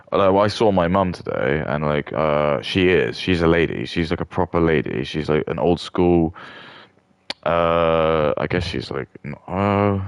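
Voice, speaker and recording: Brief: man, extremely low, crackly voice, dry sound, crude rambling rant. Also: clean tone, dry recording. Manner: rambling, crude, with many restarts and fillers. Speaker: streamer. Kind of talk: mock rant commentary.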